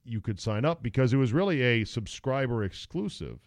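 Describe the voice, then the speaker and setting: A man's voice: mid-range voice, a little fast, no room sound. A middle-aged man hosting a podcast, telling stories in a casual, sarcastic way. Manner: animated storyteller, sarcastic. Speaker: podcast host. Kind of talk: casual chat.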